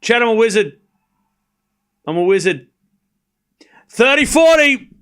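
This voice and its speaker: A man with a high, bright voice streams live tennis commentary, calling the score and chatting with viewers, his pitch swinging widely as he turns excitable and loud at big points. He speaks unhurriedly, and his tone is clear and resonant.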